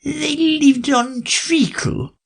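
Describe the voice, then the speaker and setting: A man voicing a small, sleepy dormouse with a hoarse, feeble voice in an audiobook. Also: extremely high pitch, steady tone, pitched above the performer's own voice, full character voice. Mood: drowsy. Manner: drowsy, slow. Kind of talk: audiobook character voice.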